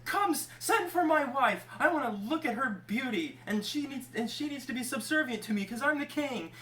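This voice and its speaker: A man voicing a pompous, boastful king in a loud, high, blustering voice, in a comic retelling of an old story. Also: animated, normal speed, far from the mic, exaggerated voice. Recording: roomy, from off-mic.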